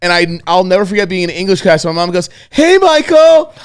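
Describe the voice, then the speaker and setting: A young man co-hosting a podcast, telling stories in a casual, profane, animated way and acting out the people in them. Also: high voice, fast talker, clean tone, dry recording. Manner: profane, animated storytelling with quoted voices. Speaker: podcast co-host. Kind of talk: casual chat.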